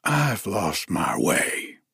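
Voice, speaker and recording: A man voicing a white-haired old male soldier with a soft, hushed, courteous way of speaking. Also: low-pitched, sing-song, drawn-out words, creaky, husky, no echo, studio quality, exaggerated voice. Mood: earnest.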